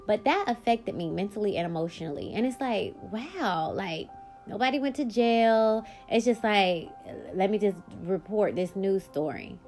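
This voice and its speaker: A woman's voice: mid-range voice, animated, normal speed, darkish tone, faint music behind. A woman hosting her own podcast, telling a personal story bluntly, with frequent swearing and emphatic bursts. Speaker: podcast host.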